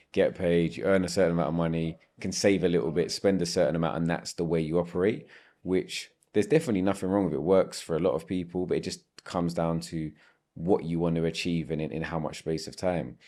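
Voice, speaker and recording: Low-voiced podcast host. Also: male voice, steady tone, brisk, mellow. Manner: conversational, asks long winding questions. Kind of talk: podcast interview.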